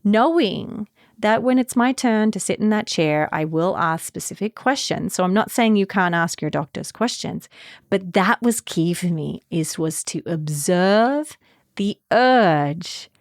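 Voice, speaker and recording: A woman hosts her own podcast, telling a personal story with candid feeling. Her voice sits a little low, and the recording is close and dry, with no room sound. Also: expressive, a little slow, no room sound. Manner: candid and emotional, often laughing. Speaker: podcast host.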